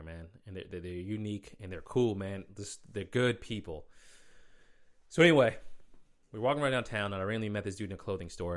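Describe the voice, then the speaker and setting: A man hosts his own podcast and tells a story in a loose, animated way. He talks with slang and filler and often restarts his sentences. His voice sits a bit low. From United States. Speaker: podcast host. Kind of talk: casual solo podcast storytelling.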